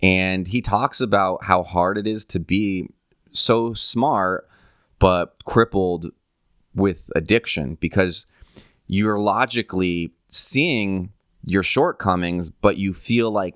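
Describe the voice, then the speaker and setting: A man's voice: deep voice, takes it slowly, a bit bright, smooth, no room sound, clean studio sound. A man hosting a tribute video, speaking in a reflective, conversational way with some fillers. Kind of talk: casual commentary.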